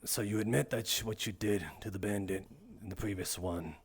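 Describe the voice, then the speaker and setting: A man's voice: lowish voice, fairly even intonation, a little fast, husky. A man playing a stern interrogator in a roleplay, pressing a suspect for specifics. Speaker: roleplay streamer.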